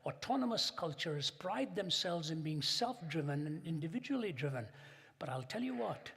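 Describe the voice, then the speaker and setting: An older man giving a public lecture, an emphatic storyteller who builds to dramatic pauses. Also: on the high side, very animated, gravelly, a bit bright, slightly rough. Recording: long hall reverb.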